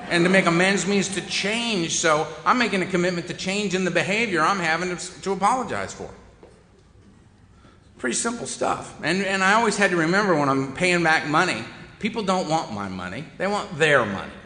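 Self-deprecating guy telling his recovery story, bright tense voice, big reverby room. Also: high-pitched, animated, brisk. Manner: wry, self-deprecating, conversational. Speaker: recovery speaker. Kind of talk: humorous recovery talk. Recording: echoey hall with long reverb.

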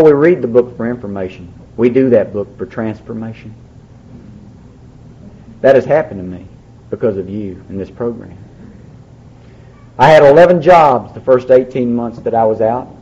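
Man, middle pitch, folksy recovery speaker with dry wit, muffled lo-fi tape with light hiss. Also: warm tone. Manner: folksy storyteller, dry humor. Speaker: AA speaker sharing his story. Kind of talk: recovery meeting talk. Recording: dull lo-fi recording, faint background.

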